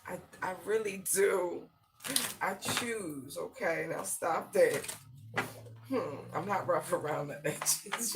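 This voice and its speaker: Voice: medium pitch, slow, noisy background. An intense, slangy tarot reader giving a livestream reading and talking straight to viewers. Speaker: tarot and channeled-message reader.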